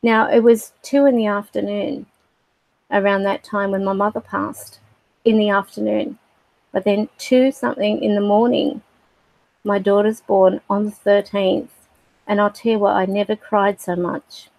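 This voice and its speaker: A middle-aged woman telling a personal story on a livestream, halting and reflective with many fillers. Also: medium pitch, level tone, gravelly, a little mellow, no room sound, rough recording. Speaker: spiritual livestream host.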